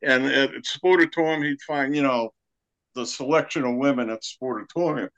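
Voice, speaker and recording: Man, podcast guest, mid-pitched voice, relaxed, reminiscing, casual chat. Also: normal speed, rough recording.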